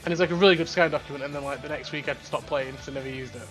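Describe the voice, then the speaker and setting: A young man with a mid-range voice talks rapid-fire as he hosts a casual podcast chat, faint music playing beneath him. Animated and rambling, he swears a lot while telling stories.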